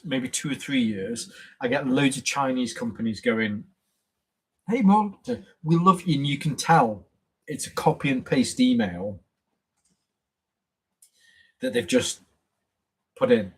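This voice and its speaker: A man's voice: on the high side, slightly rough, poor audio. A man hosting a casual live stream, rambling and chatty with plenty of fillers and self-corrections. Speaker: YouTube channel host on a live stream.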